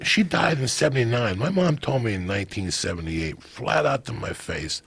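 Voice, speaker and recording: A man in his fifties from a Cuban family, telling profane, animated stories as a podcast guest. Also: mid-range voice, brisk, gravelly, hardly any pauses, background noise. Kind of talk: casual storytelling.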